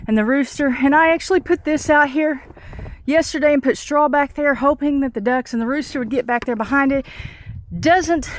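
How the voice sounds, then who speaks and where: A woman, out of breath, chatting casually as she feeds her animals outdoors on a snowy farm, filmed on a tripod camera. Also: sits high. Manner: chatty, talks to animals, thinks aloud. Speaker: homesteader vlogger. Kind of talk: casual narration while doing farm chores.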